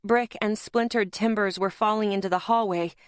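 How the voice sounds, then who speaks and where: A woman's voice: medium pitch, steady tone, normal speed, clean tone, no room sound, studio quality. A woman narrating a first-person audiobook in a tense, dramatic storytelling manner.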